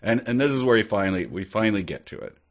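A man's voice: on the low side, very fast. A man co-hosting a comedy podcast, reading a novel's passages aloud and joking wryly about them. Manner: wry, reads passages then jokes about them. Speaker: podcast co-host. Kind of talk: comedic book-reading chat.

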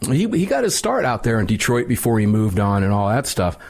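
Husky, low-voiced male radio host. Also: a little fast. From Michigan, USA. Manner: chatty storyteller, animated retellings. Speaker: radio talk show host. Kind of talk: casual radio chat.

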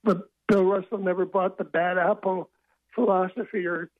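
A man's voice: high voice, little pitch movement, normal speed, no echo. Older man telling stories over a phone line. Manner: rambling anecdotal storyteller, frequent restarts. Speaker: author and interview guest. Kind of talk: phone-in radio interview storytelling. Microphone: telephone.

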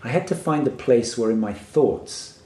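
A man's voice: mid-range voice, lively intonation, moderate pace, dark tone, reverberant. A man who works as a workshop facilitator tells a personal story in an earnest, reflective way and often checks in with "right?".

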